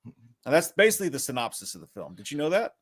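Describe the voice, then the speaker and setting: A man co-hosting a casual movie chat, excitable and joking with crude banter. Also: medium pitch, fast talker, breathy edge. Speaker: co-host.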